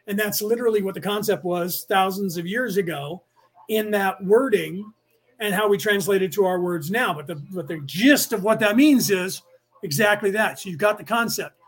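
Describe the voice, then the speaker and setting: A middle-aged man from the San Francisco Bay Area with a notably high voice for a man, racing through a casual spiritual class. His delivery is rapid and rambling, leaping from one thought to the next with restless energy as he hosts his podcast. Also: husky. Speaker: podcast host teaching a class.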